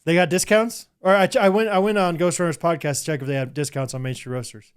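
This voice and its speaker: Playful male podcast co-host, slightly high voice. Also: fairly even intonation, quick pace, clean tone. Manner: playful, joking, laughs often. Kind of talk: casual chat.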